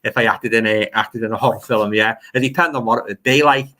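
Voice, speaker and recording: Speaking fast in a steady, mid-range voice, a man with a Liverpool accent sounds bright and forward as he chats loosely on a livestream. He answers viewer comments in an easygoing, rambling way, repeating words along the way.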